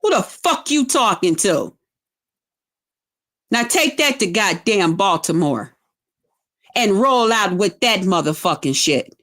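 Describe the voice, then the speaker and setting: A middle-aged woman vlogger in a loud, profane on-camera rant, taunting and emphatic. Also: medium pitch, sing-song, slow, pauses often.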